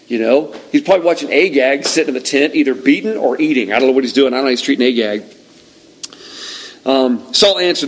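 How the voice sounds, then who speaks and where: A man preaching a sermon in a relaxed, conversational way, retelling a scripture story and acting out its moments. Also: mid-range voice, fast talker, poor audio. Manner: conversational, animated storytelling that acts out the scene. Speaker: pastor.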